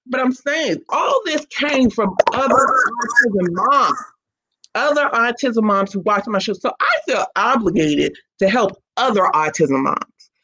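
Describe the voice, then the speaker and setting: A woman's voice: fairly high pitch, animated, measured pace, pushed and bright, a little hiss or hum, poor audio. A woman in casual conversation as a guest, an autism mom telling her story with energy and acting out the voices of people she quotes. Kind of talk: casual chat.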